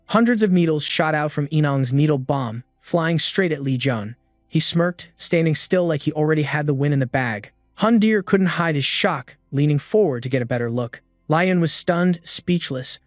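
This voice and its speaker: A man narrating a comic recap with quick, punchy, slang-filled storytelling. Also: a little high, dry recording. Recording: dry close voice over music.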